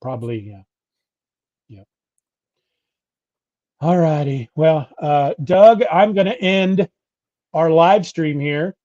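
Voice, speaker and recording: A man's voice: on the high side, slow, pauses often, darkish tone, no echo. Middle-aged guy rambling on his podcast, keeps restarting sentences, dead dry lo-fi mic. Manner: rambling, self-correcting, chatty. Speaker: podcast co-host. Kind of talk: casual chat. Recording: dull lo-fi audio.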